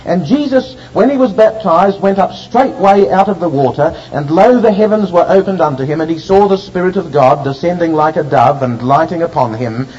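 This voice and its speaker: A man preaching a sermon, emphatic and slowing down to stress the scripture he reads. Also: a little high, a little mellow, slight background noise. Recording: dull lo-fi recording.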